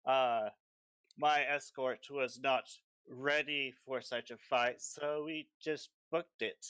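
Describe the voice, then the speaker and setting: A man's voice: mid-range voice, steady tone, sharp tone, clear, resonant tone, dry recording. A man playing a rain-soaked, shaken but polite male messenger in a tabletop game, who rambles and halts. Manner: rambling, halting.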